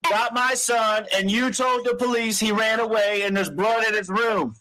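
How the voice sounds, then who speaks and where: A man's voice: high-pitched, steady tone, moderate pace, sharp tone. A father on a phone call, angrily accusing and cursing, demanding the truth. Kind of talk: heated phone argument.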